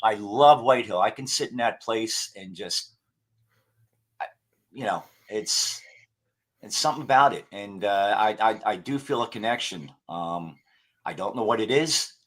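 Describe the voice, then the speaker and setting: A man's voice: on the low side, unhurried, a bit bright. A man talking casually as a podcast guest, rambling with many fillers and restarts. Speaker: guest paranormal investigator.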